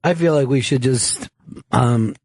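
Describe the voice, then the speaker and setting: A man's voice: mid-range voice, measured pace, dry recording. A man co-hosting a comedy talk show, swearing freely and laughing through his stories. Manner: profane, laughs often, lively storytelling. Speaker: podcast co-host. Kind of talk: casual comedy banter.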